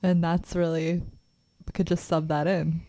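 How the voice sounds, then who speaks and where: Mellow low-voiced woman co-hosting radio. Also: level tone, measured pace, no echo. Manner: giggly, teasing. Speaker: radio co-host. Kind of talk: casual radio banter. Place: radio studio.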